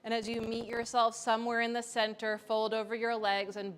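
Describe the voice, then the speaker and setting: A woman teaching a live yoga class in a studio, giving calm step-by-step cues with casual asides. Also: on the high side, normal speed, few pauses, faint music behind. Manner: calm cueing with chanted Sanskrit and casual asides.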